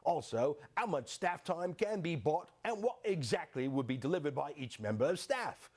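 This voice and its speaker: A prim British official reading out a formal letter, as a man puts the accent on. The tone is mock-solemn and exaggerated, and the pitch rises and falls a lot. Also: expressive, moderate pace, a little mellow, breathy edge. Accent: put-on British. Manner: exaggerated mocking read.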